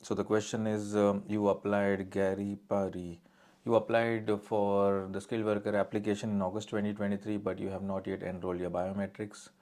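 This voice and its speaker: A man's voice: lowish voice, level tone, moderate pace, darkish tone. A man answering viewer questions on a live stream as an immigration adviser, reading each one out and then answering plainly and directly.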